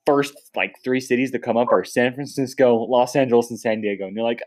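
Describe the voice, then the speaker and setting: A man hosting a casual podcast who laughs often and talks in quick asides. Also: mid-range voice, a little mellow. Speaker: podcast host.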